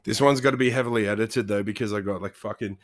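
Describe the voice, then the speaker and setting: A man's voice: lowish voice, steady tone, fast. A young man with an Australian accent hosting a podcast, swearing constantly and laughing through crude casual banter. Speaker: podcast host.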